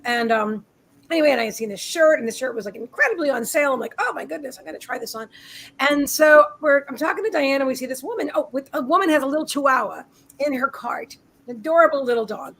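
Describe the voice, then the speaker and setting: A high-pitched American woman co-hosts a live psychic reading show, chatting casually over a webcam stream from her home. She tells rambling, friendly stories full of restarts and asides with a regular co-host's easy tone. She talks quickly in a fairly bright voice, and the recording is rough.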